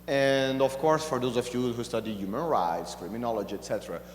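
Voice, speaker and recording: A male law professor teaching a university class in a language, speaking haltingly with frequent fillers and restarts. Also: mid-range voice. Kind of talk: university lecture. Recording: echoey lecture hall with faint hum.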